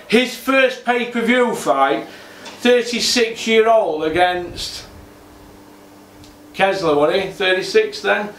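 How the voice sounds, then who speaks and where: Brief: man, high-pitched, fuming solo rant, recorded off-mic in an echoey gym. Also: a bit bright, distant mic, a little hiss or hum. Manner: exasperated, repetitive ranting. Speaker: boxing commentator. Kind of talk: ranting vlog monologue. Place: home gym.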